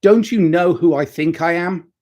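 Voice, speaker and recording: Pushy self-important crew guy, voice pitched up, insistent as a man quotes him. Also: measured pace, warm tone. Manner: bossy and insistent. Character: pushy self-important male camera assistant.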